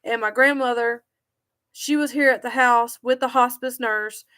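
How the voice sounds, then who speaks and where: A grieving woman tells a personal story straight to her viewers, with a slightly high voice. She talks in a halting, heartfelt way, and her voice sinks quietly when the pain shows. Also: steady tone. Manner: halting and heartfelt, voice dropping low when sad. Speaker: vlogger.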